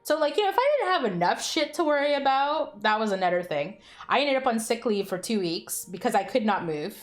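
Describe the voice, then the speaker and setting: A woman's voice: on the high side, expressive, fairly quick. Chatty, salty-mouthed young woman streamer. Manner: chatty storytelling, swears freely, laughs often. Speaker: live streamer. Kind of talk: casual chat with stream viewers.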